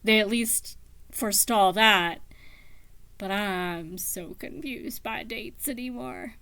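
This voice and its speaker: Woman book vlogger, unhurried, rambling, dry close sound. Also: mid-range voice, bright, forceful tone, no echo. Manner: slow, meandering, many ums. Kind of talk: casual book chat.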